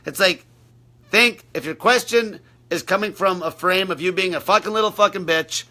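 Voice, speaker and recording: A man's voice: sits high, moderate pace, sharp tone. A man coaching on a livestream, answering viewer questions in a brash, blunt, profane way.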